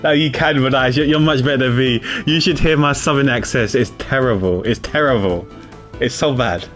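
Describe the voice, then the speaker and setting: A man's voice: mid-range voice, a little fast, a bit bright, faint music behind. A man streaming a video game, chatting casually with friends and laughing at himself. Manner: laughing, self-deprecating, chatty. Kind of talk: casual chat while playing a game.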